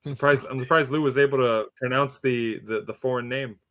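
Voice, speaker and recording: A man co-hosting a casual podcast of wrestling predictions, talking in an animated way with theatrical reveals. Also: mid-range voice, a little fast. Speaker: podcast co-host.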